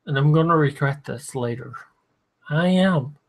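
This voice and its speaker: Slow, slurred drunk man streaming. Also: a little high, creaky. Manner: slurred, halting speech; talks softly at times. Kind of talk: drunken livestream monologue.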